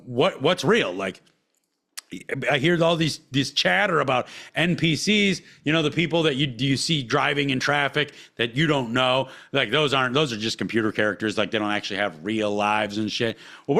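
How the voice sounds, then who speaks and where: Podcast host, man, mid-pitched, profane ranting monologue that jumps from muttering to loud outbursts. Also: vocal fry. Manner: heated, swearing constantly, swings between low mutters and loud outbursts.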